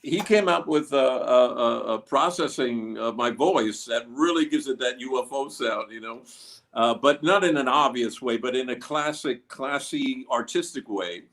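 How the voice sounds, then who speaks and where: A man with a medium-pitched, fairly bright voice speaks at a normal speed. As a guest musician in a casual interview, he rambles about his music, with plenty of fillers and restarts.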